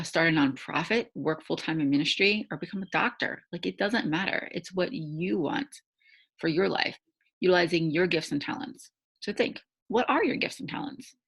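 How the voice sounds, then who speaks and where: A woman's voice: fairly low pitch, gravelly, slightly rough, rough recording. A woman hosting a faith-based challenge, giving a devotional teaching talk in a conversational way and often checking in with tag questions.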